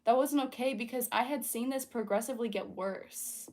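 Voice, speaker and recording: Chatty young woman, slightly high voice. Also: normal speed, darkish tone. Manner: chatty, filler-heavy, earnest and emotional. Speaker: livestream host. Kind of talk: casual livestream chat while painting.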